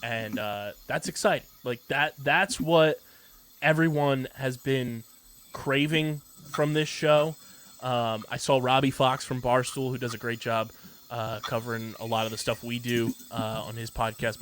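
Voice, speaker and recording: A man's voice: mid-range voice, a bit bright, slight background noise. Enthusiastic man recapping a TV episode. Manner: enthusiastic, rambling with many "like" fillers. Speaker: podcast co-host. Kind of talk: casual pop-culture podcast chat.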